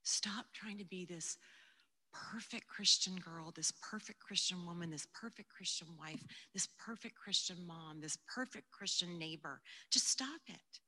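A woman giving a personal testimony and Bible teaching, talking earnestly and conversationally and sometimes dropping to a hush. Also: on the low side, normal speed. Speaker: Christian speaker teaching the Bible. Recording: long hall reverb.

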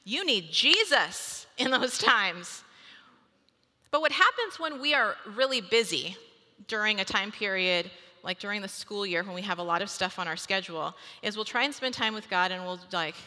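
A woman's voice: mid-range voice, expressive, normal speed, pushed and bright. A woman in her thirties giving a chatty devotional talk and acting out family conversations. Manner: chatty, acts out family dialogue. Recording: long hall reverb.

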